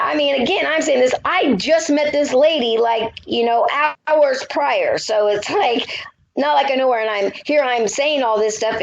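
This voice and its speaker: A woman's voice: fairly high pitch, slight background noise. A woman in her fifties, a psychic medium, telling a story on a radio show and acting out the quotes in it. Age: 50s. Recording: dull lo-fi audio.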